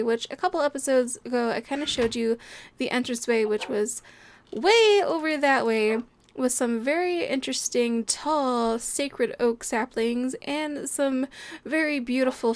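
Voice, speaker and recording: A woman's voice: high-pitched, dry recording. A young woman hosting a Minecraft let's play, chatting casually and gushing with delight, with frequent gasps and laughs. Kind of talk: casual gameplay commentary.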